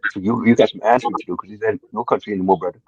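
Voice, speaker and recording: A man doing a brash, defiant migrant caller who talks quickly and low, with a husky edge. He taunts everyone and keeps calling them brother. The sound is muffled and dry, the way a call-in line sounds. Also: steady tone, darkish tone, dry recording. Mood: taunting. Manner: taunting, calls people brother.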